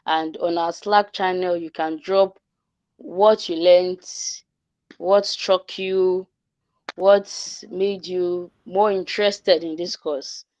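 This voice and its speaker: A woman's voice: lowish voice, fairly even intonation, slow, darkish tone, no echo. A woman giving earnest closing remarks in an online class, summarizing with small restarts. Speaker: class coordinator. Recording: dry, dull online call audio.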